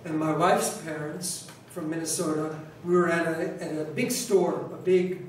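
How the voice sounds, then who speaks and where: A man lectures in a conversational way, circling back and restating his points. His voice sits a little high and carries a heavy hall echo, picked up from some distance. A faint hiss sits underneath. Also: little pitch movement. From New York City, United States. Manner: conversational, repeats and restarts, speaks up deliberately. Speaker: pronunciation teacher. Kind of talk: conference talk. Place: large conference hall. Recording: echoey hall, distant mic, faint noise.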